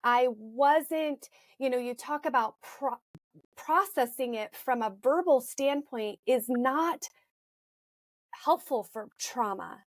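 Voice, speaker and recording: A woman's voice: high voice, slow, dry recording. A woman hosting an interview, reflectively sharing her own experience. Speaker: podcast host. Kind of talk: conversational interview.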